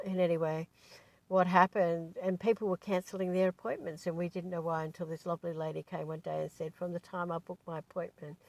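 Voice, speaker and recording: A woman's voice: fairly low pitch, steady tone, fairly quick, a little mellow, no echo. A woman, a spiritual teacher, talking in a chatty, digressive way, full of asides. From Australia. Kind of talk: casual rambling monologue.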